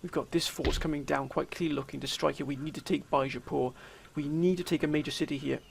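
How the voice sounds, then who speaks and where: A man with a very gravelly, slightly high voice talks through his strategy game. He plays the commander, theatrically calling his listeners sir and gentlemen. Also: steady tone, quick pace, slight background noise. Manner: theatrical, addresses viewers as 'sir' and 'gentlemen'. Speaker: let's play commentator. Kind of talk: game commentary.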